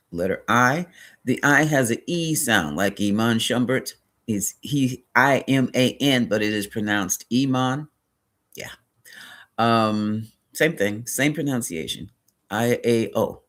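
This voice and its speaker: A chatty man in the middle of a casual live stream, wandering from thought to thought and correcting himself along the way. His voice sits at an ordinary middle pitch. He talks to his viewers and greets them by name as he reads the chat. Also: a bit bright. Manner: rambling and chatty, drifts off topic and corrects himself. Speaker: host of a spiritual tarot live stream.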